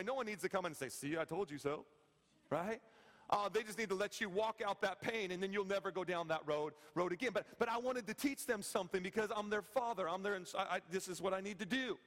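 A man in his thirties preaching a sermon in a church, talking conversationally and checking in with the congregation with quick "okay?" and "right?" asides. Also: high voice, a bit bright. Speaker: pastor. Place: church sanctuary. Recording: long hall reverb.

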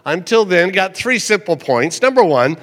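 An older man pastor preaching a sermon in a church, conversational and chatty, slowing down to repeat scripture verses. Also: sits high, sing-song, fairly bright tone. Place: church sanctuary. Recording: long hall reverb.

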